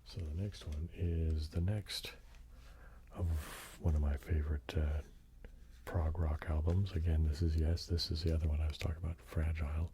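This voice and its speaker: A man doing soft-spoken ASMR show and tell, slipping into whispers and slowly reading out track lists in a relaxed, rambling way. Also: a bass voice, slight background noise. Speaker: ASMR host.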